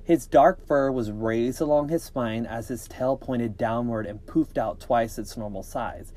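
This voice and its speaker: Guy reading creepy stories on a podcast, mellow low-key voice, trips on words now and then. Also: unhurried. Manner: reads with small slips and asides, joking. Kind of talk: casual storytelling read-aloud.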